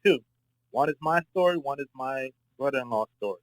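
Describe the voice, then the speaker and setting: A married adult man from Florida calls into a casual spoken debate and rambles through a long, profane personal story. His medium-pitched voice is expressive and a little fast, on a low-quality recording with no room sound.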